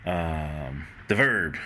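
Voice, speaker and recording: A man's voice: very deep voice, extremely slow. A man hosting a casual talk show, a former radio voiceover man, chatting loosely with many restarts. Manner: relaxed, rambling, frequent restarts. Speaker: host. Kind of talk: casual chat.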